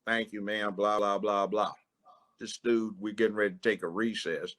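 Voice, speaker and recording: A man's voice: on the low side, fairly even intonation, moderate pace. An older man, a former judge, telling blunt courtroom stories in an interview. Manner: blunt, streetwise, acts out courtroom voices. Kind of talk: storytelling in an interview.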